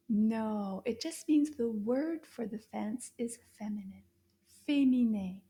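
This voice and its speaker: A woman teaching French to children, speaking slowly and drawing out each word, praising often. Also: on the high side, mellow. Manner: slow, drawn-out repetitions of French words with frequent praise. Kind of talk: slow, encouraging kids' language lesson.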